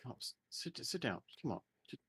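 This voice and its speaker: A man playing a young son who gently coaxes his upset mother to talk. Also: moderate pace, natural voice. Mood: concerned.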